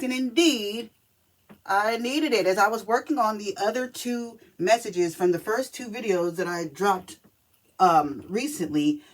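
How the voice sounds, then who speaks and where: A woman talking casually to camera as a spiritual reader, chatty and emphatic, often checking in with the listener. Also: mid-range voice. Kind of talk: casual spiritual reading video.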